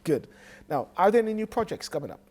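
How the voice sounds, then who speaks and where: Talk show host, mid-pitched voice, repeats words, probing interview questions. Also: big pitch swings, fast talker, a crowd in the background. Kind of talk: interviewing a guest.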